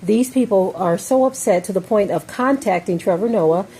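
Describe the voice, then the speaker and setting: A woman's voice: mid-range voice, moderate pace, dark tone, husky. An American woman giving an emphatic opinion monologue, often checking in with "okay?" and "right?". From United States. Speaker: commentator.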